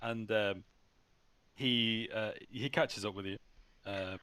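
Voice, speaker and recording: A man's voice: fairly low pitch, slow, bright, forceful tone, no room sound. A man narrating as game master in a tabletop game, playful and teasing, with frequent restarts.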